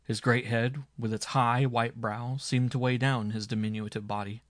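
A man reading a dark historical story aloud, with a dramatic, expressive delivery. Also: mid-range voice, moderate pace, no echo, studio quality. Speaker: audiobook reader. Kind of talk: scripted narration.

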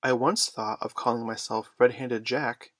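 A man's voice: medium pitch, steady tone, moderate pace, dry recording, clean studio sound, natural voice. A man voicing an earnest older boy, diffident but proud. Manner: diffident, then defiant.

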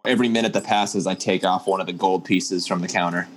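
A man with a low voice playing a tabletop role-playing game. He talks in an animated way, describing his character's actions in first person. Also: quick pace, slight background noise. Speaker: player.

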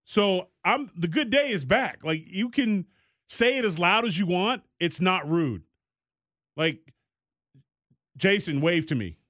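Animated man with a dry studio sound. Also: takes it slowly, pauses often, no room sound. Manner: animated storytelling, jumps into high mock voices. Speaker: podcast co-host. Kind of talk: casual chat.

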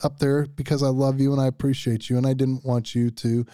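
A man in his fifties telling a story with animated exasperation as a podcast guest. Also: mid-range voice, fairly quick, clean tone, no echo, studio quality. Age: 50s. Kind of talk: casual storytelling.

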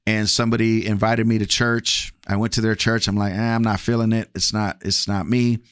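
A man's voice: lowish voice, flat delivery, brisk, a bit bright, clean tone, dry recording, clean studio sound. A man telling his personal testimony in a casual, candid way, acting out past conversations with shifting voices. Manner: candid, acts out past dialogue with varied voices. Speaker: guest sharing testimony.

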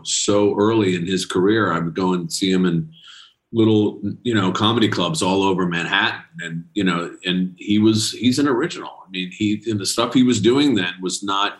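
A man's voice: deep voice, moderate pace. A middle-aged man from New England, a guest actor telling anecdotes in a casual interview, laughing between stories. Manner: anecdotal, laughing, does voices in quotes.

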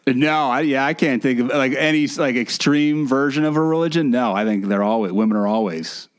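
A man's voice: medium pitch, fairly quick. A man co-hosting a podcast, talking casually and animatedly, incredulous and swearing freely. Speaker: podcast co-host. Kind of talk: casual chat.

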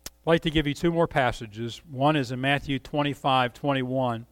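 A man's voice: mid-range voice, steady tone, normal speed, smooth, dry recording. A middle-aged man preaching a sermon with passion, rising and falling for emphasis and asking his listeners direct questions. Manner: asks the congregation direct questions.

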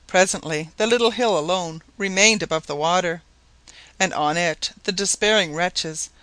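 Bright, high-voiced male audiobook narrator. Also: dry recording. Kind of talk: scripted narration.

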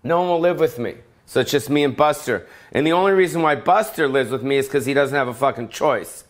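A man's voice: mid-range voice, a little fast. A middle-aged male comedian ranting alone, profane and rambling, full of fillers and tangents. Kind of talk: solo comedic rant.

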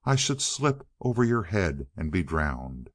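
A man's voice: deep voice, very animated, unhurried, dry recording, clean studio sound, full character voice. A man voicing a sly, cunning male fox in a storybook reading, in a wheedling, falsely polite way.

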